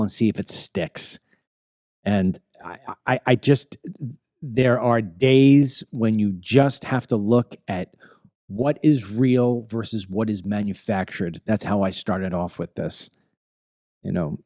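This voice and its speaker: A man's voice: on the low side, a little slow, dark tone, dry recording, studio quality. A man in his fifties with a Long Island accent, hosting an opinion monologue in an emphatic, ranting way that keeps repeating phrases. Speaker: commentary show host.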